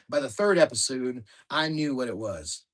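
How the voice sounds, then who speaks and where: A man reading his own memoir aloud in a calm, measured, matter-of-fact way. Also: medium pitch. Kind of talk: audiobook memoir narration.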